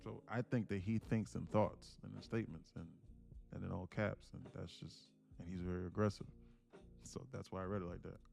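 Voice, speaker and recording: Blunt low-voiced man coaching traders. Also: steady tone, a little fast, vocal fry, warm tone, faint music behind. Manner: blunt, informal, coaching viewers directly. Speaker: day-trading livestream host. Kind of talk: live trading commentary and coaching.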